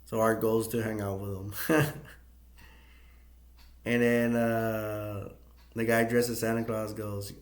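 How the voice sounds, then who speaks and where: A man retells a movie in a loose, rambling way, full of fillers, restarts and chuckles. His voice sits low, and the room around him adds a clear echo. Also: level tone, slow pace, long pauses. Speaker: movie reviewer. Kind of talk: casual retelling of a film. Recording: echoey room.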